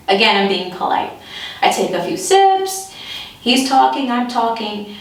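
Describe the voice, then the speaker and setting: A woman telling a story in a casual storytime vlog, animated and breaking into nervous laughter. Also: fairly high pitch, slow. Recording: echoey room, distant mic.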